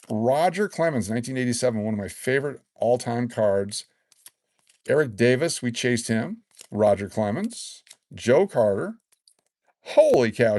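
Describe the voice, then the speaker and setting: A man in his sixties hosting a casual live stream, excitedly reading out collectible cards and rambling into stories. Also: mid-range voice, no echo. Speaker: livestream host giving away collectible cards.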